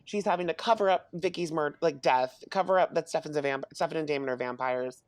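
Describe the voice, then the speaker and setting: A man's voice: on the high side, fairly quick, no echo. A man co-hosting a podcast, chatting casually and rambling, with many "like" fillers. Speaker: podcast co-host. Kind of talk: casual chat recapping a TV episode.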